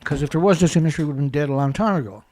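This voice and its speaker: A man's voice: on the high side, racing, mellow. A man hosting a live show, giving an angry, ranting commentary full of insults and repeated rhetorical questions, a little congested. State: congested, blowing nose.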